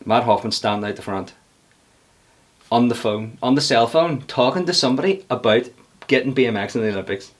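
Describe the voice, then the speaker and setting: A man hosting a podcast in casual chat, telling stories with growing excitement and laughs. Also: mid-range voice, fairly quick. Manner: storytelling, animated when excited, with laughs. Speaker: podcast host.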